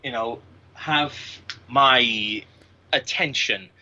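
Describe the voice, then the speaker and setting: A man's voice: medium pitch, very slow, pushed and bright, lo-fi sound. Sweary man in his thirties telling stories. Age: 30s. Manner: crude, sweary, boastful anecdotes. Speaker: podcast guest. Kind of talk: casual storytelling.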